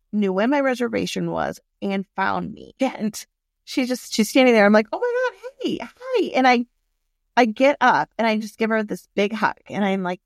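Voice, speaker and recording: A woman with a gravelly, fry-tinged voice tells a personal story in a relaxed, candid way. She is animated and swears freely. The recording is dry and close, with no room echo. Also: medium pitch.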